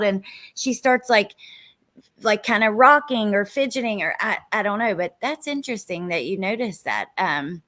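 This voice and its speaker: A woman's voice: on the high side, fairly bright tone. Exasperated rambling woman host. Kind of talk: true crime chat show.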